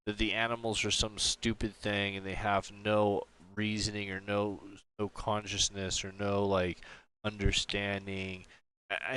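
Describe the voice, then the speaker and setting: A man thinks aloud in loose, rambling commentary on a livestream, padding his thoughts with fillers. His voice is low-pitched, smooth and clear. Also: a bit bright, low-quality recording. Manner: rambling, filler-heavy, musing. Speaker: livestream host. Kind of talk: casual commentary.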